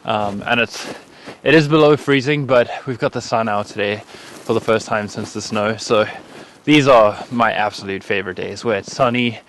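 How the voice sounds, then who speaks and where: A man's voice: fairly low pitch, normal speed, a bit bright, a little hiss or hum. A young man from South Africa giving casual, upbeat winter hiking tips in a vlog, full of "like" fillers. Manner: chatty and upbeat, with many "like" fillers. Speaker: vlogger.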